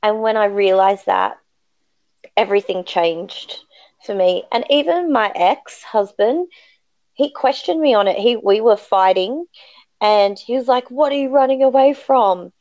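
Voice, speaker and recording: A woman's voice: medium pitch, expressive, measured pace, a little mellow, no room sound, muffled recording. Earnest woman telling her story. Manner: earnest, reflective, emphatic. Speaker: podcast guest. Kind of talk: candid personal storytelling.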